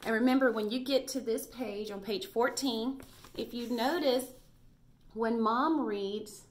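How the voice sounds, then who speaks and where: A woman's voice: on the high side, measured pace. A woman teaching a recorded reading lesson to first graders, patient and praising as she spells out letters.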